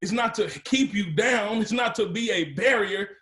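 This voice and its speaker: A man's voice: high-pitched, moderate pace, a bit bright, echoey room. Emphatic motivational speaker, man. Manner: storytelling, rising to emphatic peaks. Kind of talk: motivational speech to a live audience.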